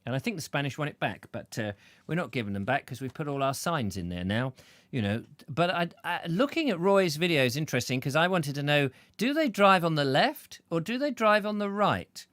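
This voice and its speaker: Male host, chatty and goofy, lively fairly high voice. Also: fairly quick, no room sound. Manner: rambling, playful, stumbles over names and jokes around. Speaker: show host. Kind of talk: chatty live-stream banter.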